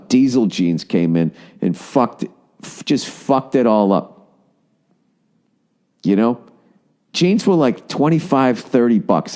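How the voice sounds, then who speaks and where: A man's voice: lowish voice, mellow. Brief: a male comedian ranting alone, swearing and exasperated. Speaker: podcast host. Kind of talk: comedic solo rant.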